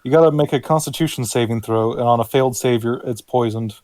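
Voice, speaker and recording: A man playing a tabletop game, thinking aloud in a relaxed, casual way. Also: mid-range voice, fast talker, dry recording. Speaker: player.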